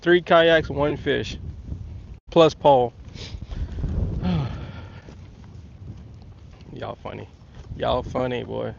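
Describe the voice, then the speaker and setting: A man's voice: mid-range voice, extremely slow, creaky, pauses often, dull audio, a little hiss or hum. A man hosting a casual fishing livestream outdoors, with a laid-back, drawling way of talking. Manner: laid-back, drawling, shouts to his father. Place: outdoors by a lake bank.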